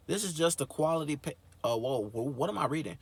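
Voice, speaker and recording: Host, male, somewhat high voice, reads a book then riffs with slang and cursing; dry close sound. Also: fairly quick, husky, dry recording. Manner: animated, slangy, swears freely. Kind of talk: reading a book aloud with commentary.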